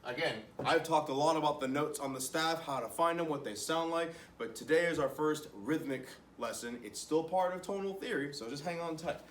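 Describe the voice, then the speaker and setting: A man's voice: on the high side, brisk, few pauses, a bit bright, roomy sound, far from the mic, a little hiss or hum. A young man teaching an online music lesson to children, encouraging them and counting rhythms aloud as he claps.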